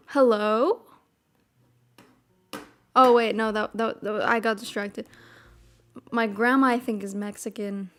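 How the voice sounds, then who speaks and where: A young woman streams and chats casually with her viewers, bubbly and rambling, giggling often. Her voice is fairly high-pitched and a bit bright.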